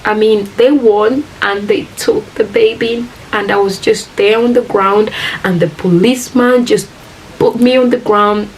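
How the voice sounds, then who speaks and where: A woman recounts a painful personal story for her vlog audience. She speaks earnestly at a middling pitch and acts out each quoted exchange. She sits a little back from the mic, and a faint hiss runs under her voice. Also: steady tone, measured pace, distant mic, low-quality recording. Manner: earnest, addresses viewers as "guys", acts out quoted dialogue. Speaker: vlogger. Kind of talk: emotional storytime retelling.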